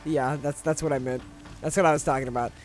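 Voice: medium pitch, steady tone, fast talker, soft background music. A streamer chatting and joking casually while playing a game, rambling with stammered restarts.

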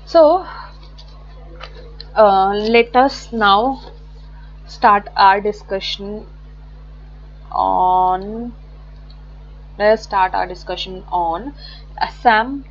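A woman gives an online exam-prep lesson in a loose, chatty way, repeating words and correcting herself as she goes. Her voice sits at a middle pitch. The recording is a little dull, with a faint hum underneath. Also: very slow, pauses often. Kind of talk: online lecture with slides.

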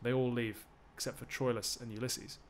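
A man's voice: medium pitch, level tone, normal speed, a little hiss or hum. A man live-streaming a Shakespeare reading for charity, breaking off for chatty, joking asides to his viewers.

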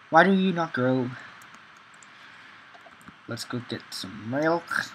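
Bright-voiced rambling gamer guy. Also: medium pitch, expressive, takes it slowly, long pauses, a little hiss or hum, rough recording. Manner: rambling, chants words over and over while playing; talks to himself, frequent ums. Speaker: gameplay video maker. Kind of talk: gameplay commentary.

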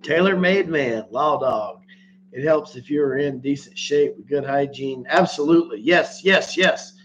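A man hosting a loose livestream, talking crudely and bluntly to his viewers. His voice sits slightly higher than most men's. A faint electrical hum runs under the recording. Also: unhurried, highs cut off. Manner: crude, blunt, laughs often. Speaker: livestream host. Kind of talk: casual livestream chat.

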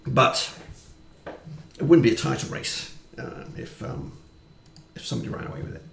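A man commentating on his football management game, chatty and quick to swear when frustrated. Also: mid-range voice, gravelly, echoey room, a little hiss or hum. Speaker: gaming YouTuber. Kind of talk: let's-play commentary.

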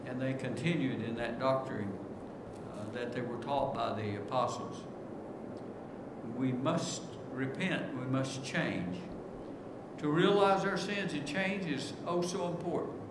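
Earnest preacher man in echoey church. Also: normal speed. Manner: earnest, repeats key words, rises in pitch when pleading. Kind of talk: sermon. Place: church sanctuary. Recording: echoey church room with background noise.

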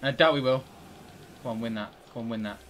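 A man in his twenties with a British accent, commenting live on his own football video game, swearing a lot and swinging from mutters to yells. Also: mid-range voice, brisk, slight background noise. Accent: British English. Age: 20s. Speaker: gaming streamer.

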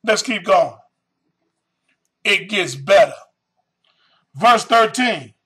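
Fiery preacher guy, really high sharp voice, reads verses slow then shouts, keeps asking the crowd questions. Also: lively intonation, slightly rough, rough recording. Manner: fiery, reads scripture slowly then bursts into shouted emphasis; addresses the audience directly with questions. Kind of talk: sermon.

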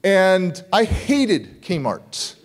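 A middle-aged man with a higher-than-usual voice gives a humorous storytelling speech. He is animated and acts out the people in his story as he goes. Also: very slow. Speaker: motivational speaker.

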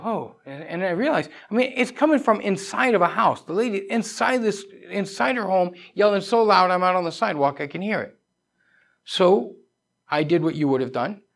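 A man's voice: sits high, vocal fry, a bit bright. A man preaching a conversational sermon as pastor of a church, pressing questions on the congregation and telling personal stories. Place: church sanctuary.

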